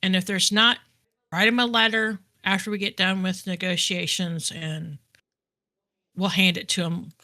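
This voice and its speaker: A woman's voice: medium pitch, steady tone, a little slow, pushed and bright. A woman speaking directly and persuasively in character during a tabletop game. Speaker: player. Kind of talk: in-character tabletop role-play.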